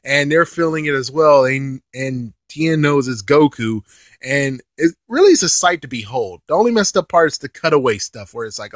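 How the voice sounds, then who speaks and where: A man giving casual episode commentary as an anime reviewer. He is animated, swears casually, and laughs while he talks. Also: mid-range voice, moderate pace, no room sound.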